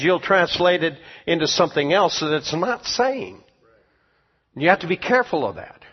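A man with a fairly high, husky voice preaches a sermon, pressing his points hard and letting his volume rise and fall. The recording is dull and muffled. A long reverb trails after him as in a large hall. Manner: emphatic preaching, rising and falling in volume. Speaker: pastor and teacher.

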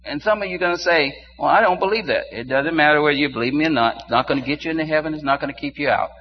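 An older man preaching a sermon to his congregation, dropping low and quiet and then rising into loud exclamations. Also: racing. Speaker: pastor. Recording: dull muffled sound with faint hum.

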